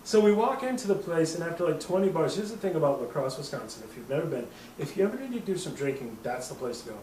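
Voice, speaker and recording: His voice fairly high, warm, and sing-song, this fast-talking Midwestern podcast host in his thirties tells a long, profane, rambling story. Frequent laughs and put-on voices for quotes fill the casual tale, captured by a distant mic in an echoey room with a little hiss or hum.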